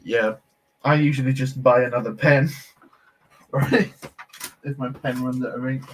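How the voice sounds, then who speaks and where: A man chats casually through a live building stream. He reads viewers' comments aloud and laughs often. His talk is loose and friendly, full of quick asides. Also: mid-range voice, steady tone, slight background noise. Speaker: Lego streamer.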